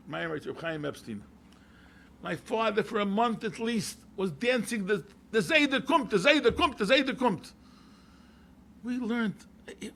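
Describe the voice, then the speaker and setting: A man, a rabbi telling stories to an audience in an animated way, repeating phrases and mixing in Yiddish and Hebrew words. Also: sits high, vocal fry, slight background noise. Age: 70s. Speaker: rabbi and yeshiva head. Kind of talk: storytelling talk to an audience.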